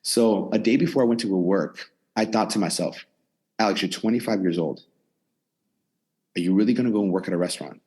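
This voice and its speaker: Sitting in his gym, built in a converted storage unit, a twenty-something trainer and gym owner recounts his story in a relaxed interview. He animatedly quotes himself and other people. His voice is fairly low and slightly rough, a little fast, with long pauses.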